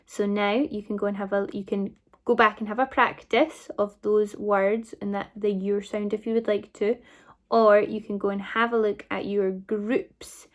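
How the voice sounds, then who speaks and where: Scottish lady primary teacher, really slow careful sounding out, lots of praise. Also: mid-range voice. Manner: slow, clear, encouraging sounding-out. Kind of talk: recorded phonics lesson for children.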